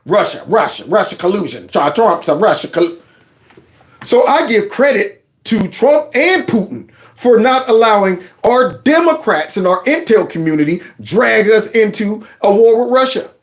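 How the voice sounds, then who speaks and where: A man hosting a casual political commentary channel, animated and mocking, in loose slang. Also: sits high, unhurried.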